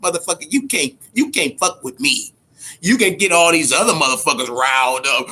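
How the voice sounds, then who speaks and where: A man's voice: fairly high pitch, animated, moderate pace, bright, forceful tone. A man hosting a boxing talk show, ranting in heated, profane casual commentary and repeating words when worked up.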